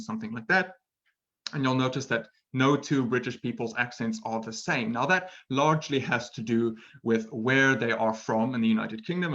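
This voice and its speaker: A male English teacher leads a live online lesson in a relaxed, chatty way, reading viewer comments aloud and tagging his points with "right?". His voice sits at an ordinary middle pitch. The audio is dull and slightly muffled. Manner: chatty, often tags "right?".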